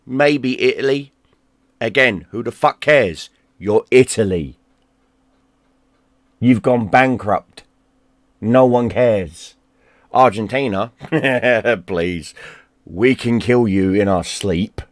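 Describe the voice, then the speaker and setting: A man ranting in a heated, profane monologue, dropping to a mutter and then bursting out loud. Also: slow pace, pauses often, dry recording, studio quality. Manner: heated and profane, swings between low mutter and loud outbursts. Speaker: gaming YouTuber.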